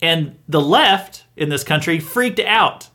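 A man's voice: fairly high pitch, expressive, slow, sharp tone. Sarcastic male political commentator. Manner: sarcastic, mocking, chuckles between points. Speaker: host of a satirical news round-up. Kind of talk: opinionated political commentary monologue.

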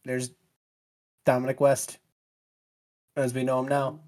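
A man's voice: medium pitch, monotone, slow, darkish tone. A man co-hosting a film podcast in casual chat, bantering playfully and exclaiming often. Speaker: podcast co-host.

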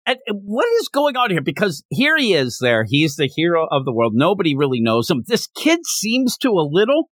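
Animated podcast host with lively pitch. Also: dry recording. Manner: animated, acts out dialogue in quick bursts. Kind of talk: casual manga review chat.

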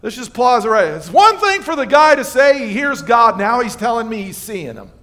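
High-voiced animated male preacher. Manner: animated preaching with asides and quick exchanges with the congregation. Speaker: pastor. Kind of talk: sermon. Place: church livestream.

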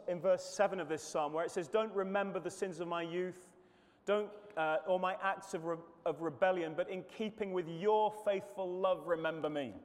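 A man delivering an earnest sermon, his voice pitched a little high for a man. He often stumbles over and repeats his words as he reads and reflects on scripture. His voice rings out with the long reverb of a church hall. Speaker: preacher. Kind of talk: sermon walking through psalms.

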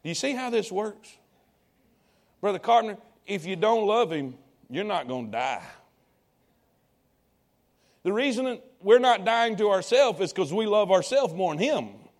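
Male preacher, high tenor voice, calls out to the congregation, drops low then rises loud. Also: lively intonation, measured pace, long pauses. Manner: call-and-response preaching to congregation. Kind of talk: sermon.

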